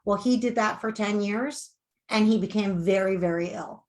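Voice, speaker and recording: A woman coach giving earnest, animated advice in a conversational interview. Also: medium pitch, moderate pace. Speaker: weight-loss coach.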